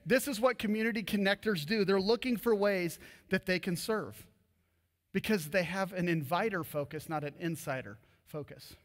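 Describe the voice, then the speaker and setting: A man preaching a sermon as pastor in a church, animated and joking as he tells stories. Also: high voice, normal speed. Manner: animated, jokey storytelling preacher. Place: church auditorium. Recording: reverberant church hall.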